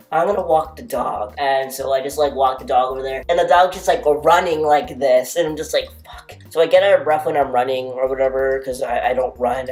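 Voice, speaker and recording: A young man tells a story to his camera in a loose, rambling way, his sentences full of fillers. His voice sits at an ordinary middle pitch, and he throws in mock-dramatic exclamations at himself. Faint music plays quietly behind him. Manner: rambling, filler-heavy, dramatic self-mocking asides. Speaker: vlogger. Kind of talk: casual storytime monologue.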